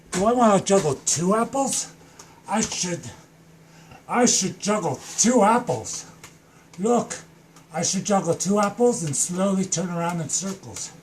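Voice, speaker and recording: A young man goofing around alone on a live stream, rambling slowly and breaking into sudden shouts. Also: sits high. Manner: silly, rambling, slow and drawn out with sudden shouts. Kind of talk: goofy solo live stream.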